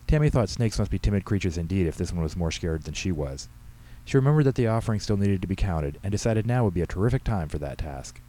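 A man, the author, reading his own short story aloud in measured storytelling narration. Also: deep voice, expressive, mellow, poor audio. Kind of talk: scripted narration.

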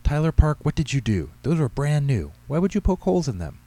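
A man voicing an exasperated young mother who scolds her son, with a sharp, impatient manner. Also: lowish voice, sing-song, very fast, voice pushed up. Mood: scolding. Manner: snappy, scolding.

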